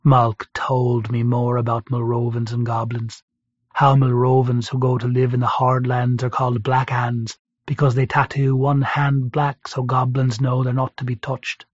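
A man's voice: mid-range voice, monotone, measured pace, no echo. A man narrating a first-person story as an audiobook narrator, in a dry conversational storytelling manner. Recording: dull lo-fi recording.

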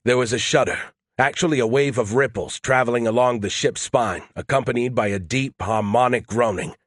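Guy reading a sci-fi audiobook in first person, steady tense delivery, dry close sound. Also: medium pitch, a little fast, dry recording. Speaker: audiobook narrator. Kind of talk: scripted first-person narration.

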